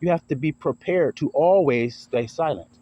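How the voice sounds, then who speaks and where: A man's voice: on the high side, moderate pace, warm tone. A man giving a blunt, emphatic preaching monologue, often acting out quotes and swearing freely. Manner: emphatic, swings into acted quotes, blunt and profane. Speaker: online preacher. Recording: dull lo-fi recording with faint hiss.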